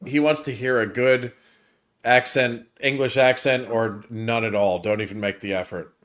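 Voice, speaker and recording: A man's voice: medium pitch, fairly even intonation, moderate pace, a bit bright. A man hosting a casual movie review chat, rambling and often restarting his sentences. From United States.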